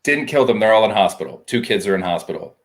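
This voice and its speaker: A man co-hosting a casual chat, relaxed and joking, swearing now and then. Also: on the low side, quick pace. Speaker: podcast co-host.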